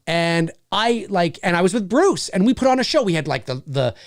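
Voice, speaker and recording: Animated man hosting a livestream. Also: sits high, moderate pace, no echo, studio quality. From Canada. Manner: animated, profane, laughs often. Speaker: livestream host. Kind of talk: casual livestream chat.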